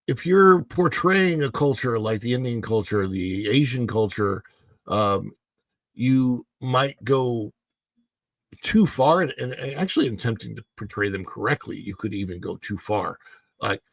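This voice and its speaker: A man's voice: on the low side, gravelly, no echo. A man hosting a solo livestream, giving emphatic, opinionated commentary with frequent halts and restarts. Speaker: host.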